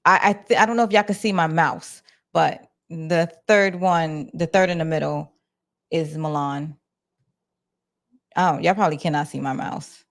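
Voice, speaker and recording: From her office, a woman from New York hosts a casual livestream, her voice sitting low and moving a little slowly. Her New York accent comes through as she chats with viewers, talking to her chat with restarts and fillers.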